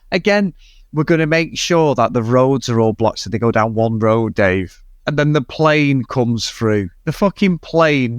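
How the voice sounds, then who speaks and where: A man's voice: medium pitch, no room sound, clean studio sound. A man co-hosting a casual film review podcast, ranting in exasperation about a bad movie and swearing freely. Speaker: podcast co-host.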